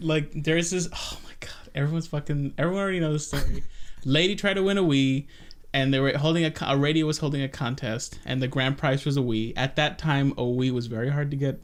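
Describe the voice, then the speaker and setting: A man's voice: fairly high pitch, brisk. A young man hosting a casual podcast chat, talking in a rambling, goofy, joking way. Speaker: podcast host.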